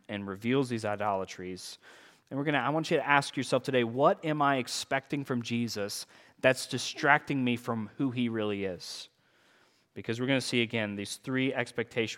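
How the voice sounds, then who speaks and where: A man preaching a sermon, reading scripture aloud and explaining it in an earnest, lively way with casual asides. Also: medium pitch. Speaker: pastor. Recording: long hall reverb.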